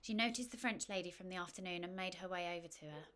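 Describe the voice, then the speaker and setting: A woman reading a short story aloud, with a wry, gently humorous delivery. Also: lowish voice, fast. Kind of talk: scripted narration.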